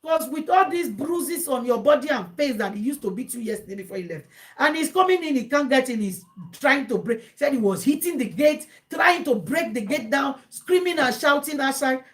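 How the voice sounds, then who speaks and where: Woman, Nigerian accent, slightly high voice, casual storytelling, animated and exasperated. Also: normal speed. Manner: animated, exasperated, repeats herself. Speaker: vlogger giving advice.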